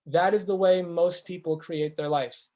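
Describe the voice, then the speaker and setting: A man with a high, mellow voice delivers a motivational talk. He speaks earnestly and stacks up rhetorical questions to drive each point home. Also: a little slow. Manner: earnest, acts out quoted speakers in lively voices. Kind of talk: motivational presentation.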